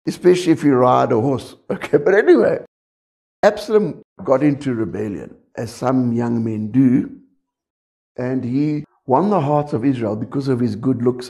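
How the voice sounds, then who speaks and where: A man's voice: medium pitch, dark tone. A man preaching a sermon, talking conversationally and often checking in with the congregation.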